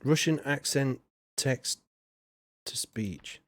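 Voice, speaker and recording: A man's voice: medium pitch, slow, no echo. A man streaming a farming game, rambling casually and greeting viewers by name. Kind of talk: casual gameplay commentary.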